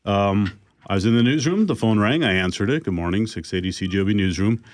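A man's voice: fairly low pitch, fast talker. A man from the station newsroom, telling an anecdote in a wry, amused way. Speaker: radio newsroom staffer. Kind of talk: casual radio chat.

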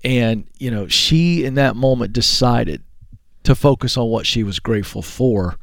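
A man's voice: medium pitch, measured pace, vocal fry, fairly bright tone, no echo, studio quality. Earnest motivational male co-host. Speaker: radio show co-host. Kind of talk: casual talk show chat.

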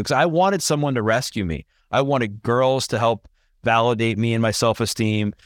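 A man's voice: mid-range voice, normal speed, dry recording, studio quality. A man being interviewed, telling his own story in a candid, earnest way that turns emotional. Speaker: podcast guest.

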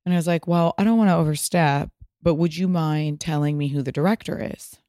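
A woman's voice: deep voice, fairly quick, dry recording, clean studio sound. A woman in her thirties from California, hosting a podcast and telling a story in casual chat, swearing freely and acting out what people said. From Pasadena, California. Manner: animated storyteller, swears freely, acts out quotes. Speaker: podcast host.

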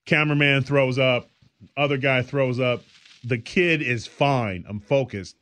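A man's voice: medium pitch, unhurried, a bit bright, dry recording. A man co-hosting a podcast, telling stories in a loose, rambling way with lots of fillers. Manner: rambling storyteller, many fillers. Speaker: podcast co-host. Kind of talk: casual chat.

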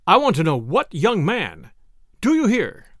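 A man doing an enraged husband in a storybook reading, shouting his demands. The pitch is high and jumps around. The sound is close and dry. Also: wildly swooping pitch, normal speed, creaky, no echo, exaggerated voice. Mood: furious. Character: jealous husband, furious and demanding.

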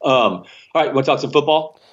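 A man co-hosting a podcast in easygoing casual chat, agreeable and quick to acknowledge his partner. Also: medium pitch, expressive, dull audio. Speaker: podcast co-host.

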